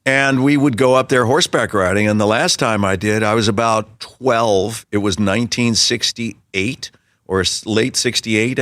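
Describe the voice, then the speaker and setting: A man's voice: medium pitch, a bit bright, no echo, studio quality. A man in his sixties, a talk show guest telling an anecdote with energy and acting out other people's voices. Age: 60s. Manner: acts out quoted voices vividly.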